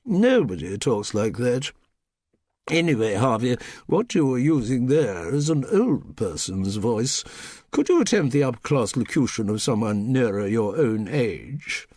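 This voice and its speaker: A man's voice: mid-range voice, big pitch swings, a little slow, darkish tone, husky, dry recording, voice pushed up. A man putting on a haughty old duchess. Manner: haughty, pompous, clipped. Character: imperious elderly aristocratic dowager duchess, woman.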